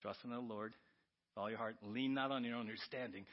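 A pastor preaching a sermon, swinging between loud, urgent questions and quiet, confiding asides. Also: male voice, mid-range voice, fairly even intonation, a little fast, highs cut off.

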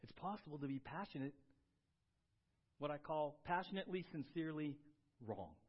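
A male pastor preaches with animated emphasis, his fairly high voice climbing as he drives a point home and stumbling over quick restarts. The recording is muffled and lo-fi, with the crisp top end dulled. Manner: animated, rising to emphatic highs, with repeated restarts. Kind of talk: sermon. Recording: dull lo-fi sound.

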